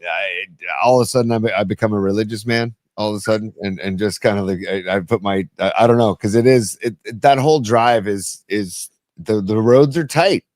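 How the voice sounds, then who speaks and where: A man with a low voice co-hosts a casual podcast and rambles as he talks. He often restarts his sentences and circles back. The sound is dry and close. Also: a little fast, darkish tone, no room sound. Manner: rambling, many restarts and fillers. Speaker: podcast co-host. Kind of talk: casual chat.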